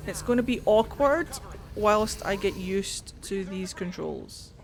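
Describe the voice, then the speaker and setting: A woman's voice: medium pitch, takes it slowly. Playful woman streaming a game. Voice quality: playful, swears freely, silly voices. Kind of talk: casual let's-play commentary.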